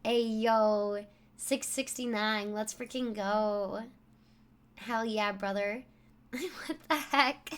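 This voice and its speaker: A woman's voice: fairly high pitch, takes it slowly, pauses often, clear, resonant tone. A young woman streaming live, laughing often as she exclaims and thanks her viewers.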